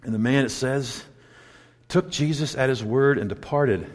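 A man preaching a sermon, telling stories and swinging between loud emphatic lines and hushed asides. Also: medium pitch, measured pace. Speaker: pastor. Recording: long hall reverb.

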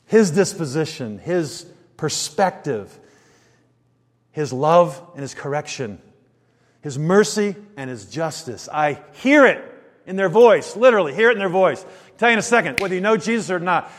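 A man preaching a conversational sermon, asking rhetorical questions and dropping quiet before lifting his voice again. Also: sits high. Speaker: pastor. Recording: long hall reverb.

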